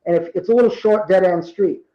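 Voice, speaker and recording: High-voiced man from Rhode Island telling stories. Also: brisk, roomy sound, muffled recording. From Rhode Island, USA. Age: 50s. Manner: animated storyteller acting out quoted dialogue. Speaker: guest. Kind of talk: casual storytelling.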